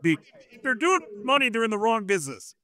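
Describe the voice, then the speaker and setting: High-voiced, emphatic male host. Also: sing-song, moderate pace, bright, forceful tone. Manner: earnest, emphatic, repeats for stress. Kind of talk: casual discussion.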